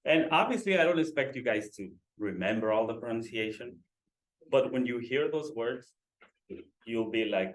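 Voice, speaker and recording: A man teaching a language class, saying words slowly for the class to repeat and laughing lightly now and then. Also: mid-range voice, animated. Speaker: Spanish teacher. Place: church classroom.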